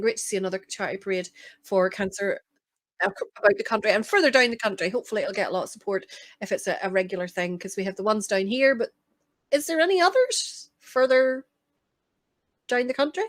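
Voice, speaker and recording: A woman hosting a band parade show, chatting casually with quick exclamatory asides. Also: mid-range voice, a bit bright. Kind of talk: casual chat over parade footage.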